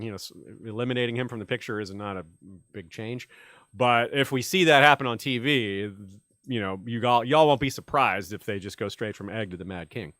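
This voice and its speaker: A man's voice: medium pitch, fairly bright tone, no room sound, clean studio sound. Upbeat guy hosting a podcast, laughs a lot, voice swings up and down. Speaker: podcast host. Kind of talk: casual discussion.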